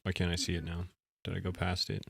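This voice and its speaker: A man co-hosting a live stream, chatting casually and thinking out loud with self-deprecating asides. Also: low-pitched, completely flat delivery, fast talker, creaky, dry recording, clean studio sound. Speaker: co-host.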